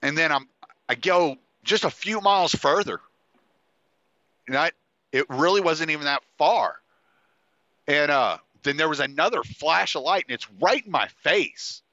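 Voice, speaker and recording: Congested and sniffling, a man hosts a podcast in a loose, rambling monologue full of profanity, fillers and restarted sentences. His slightly high voice is bright and forceful with lively intonation, and he speaks unhurriedly with long pauses. The lo-fi audio has no room sound.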